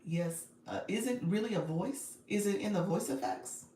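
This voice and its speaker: A woman's voice: medium pitch, normal speed, dark tone, roomy sound, distant mic, a little hiss or hum. A woman coaching viewers on a casual livestream. She is chatty, laughs often and speaks straight to her audience.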